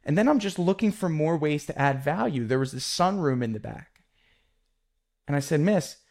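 A young adult man hosting a solo podcast, telling a sales story in a lively, casual way and acting out quick bits of dialogue. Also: mid-range voice. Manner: animated, acts out customer dialogue in quick quotes. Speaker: podcast host, painting contractor.

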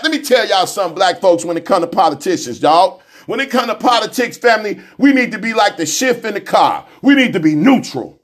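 A man ranting on his radio show with a high-pitched voice. He delivers it with preacherly intensity, repeating lines and breaking into shouts. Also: expressive, brisk, few pauses. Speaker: radio host. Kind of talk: fiery radio monologue.

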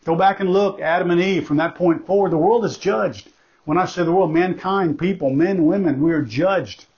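A man's voice: sits high, moderate pace. A man preaching a sermon as pastor, emphatic and conversational, repeating key phrases for stress and breaking off into asides. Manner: conversational, with asides and self-corrections. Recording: dull lo-fi recording.

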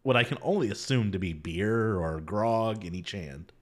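A man in casual podcast chat, summarizing a story in a relaxed way and laughing often. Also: lowish voice, normal speed. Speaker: podcast co-host.

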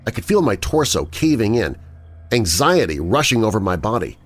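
A man narrating a first-person horror story in an expressive storytelling manner. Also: lowish voice, normal speed.

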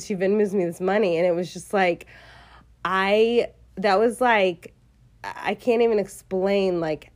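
Effusive woman in her forties hosting. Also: lowish voice. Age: 40s. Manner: effusive, rambling, many fillers. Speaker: podcast host. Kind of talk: casual faith podcast chat.

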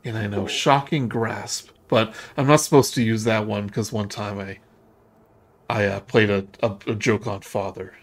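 A man's voice: fairly low pitch, steady tone, normal speed. A man voicing a lonely little ghost girl who is earnest, a little wistful, and eager to show what she knows.

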